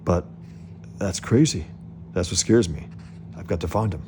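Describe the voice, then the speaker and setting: A man's voice: deep voice, expressive, unhurried, background noise. A man reading aloud as a flustered male lawyer who stammers with worry. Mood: anxious. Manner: stammering, anxious.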